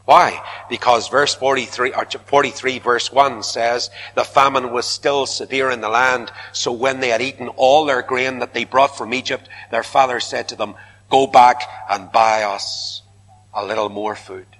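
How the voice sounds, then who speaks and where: A man preaches a sermon, his bright, forceful voice climbing into emphatic outbursts. The sound carries a long reverb, as if heard across a large church hall. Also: medium pitch, steady tone, moderate pace, a little hiss or hum. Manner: emphatic, rising to loud repeated protests.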